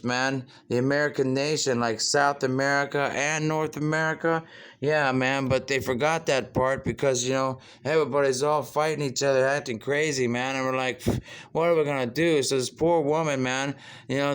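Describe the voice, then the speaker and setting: Rambling man with a smooth voice. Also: medium pitch, steady tone, moderate pace, a bit bright. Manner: rambling, ends phrases with "man", puffs and sighs. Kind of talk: rambling monologue.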